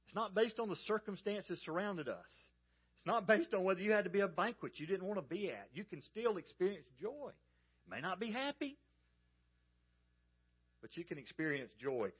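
A pastor from the American South with a Southern accent, preaching a sermon in a folksy storytelling manner and speaking straight to the congregation. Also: male voice, high voice, slightly rough, lo-fi sound. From Georgia, US South.

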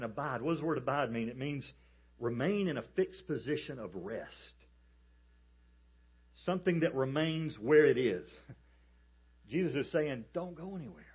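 A man preaching a sermon as a pastor, emphatic and animated as he tells a story. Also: mid-range voice, slightly rough, lo-fi sound. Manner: emphatic, animated storytelling with calls for the congregation to repeat.

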